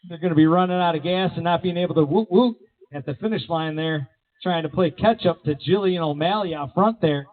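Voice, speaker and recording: A man announcing races live at an outdoor BMX track, with energetic play-by-play full of rider nicknames. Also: on the high side. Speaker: race announcer. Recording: tinny, phone-like sound.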